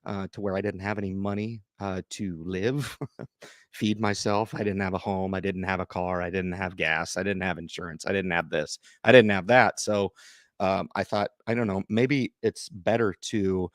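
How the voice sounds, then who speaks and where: Middle-aged male stream host, lowish voice, dry close sound, rambling and chatty. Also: normal speed, dry recording. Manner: rambling, animated, talks straight to viewers. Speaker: investing channel host. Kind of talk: casual livestream chat.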